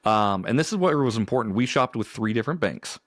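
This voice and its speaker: A man's voice: lowish voice, animated, a little fast, fairly bright tone, no echo, clean studio sound. A man co-hosting a podcast, telling stories in an easygoing, chatty way and laughing often. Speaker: podcast co-host. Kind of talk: casual chat.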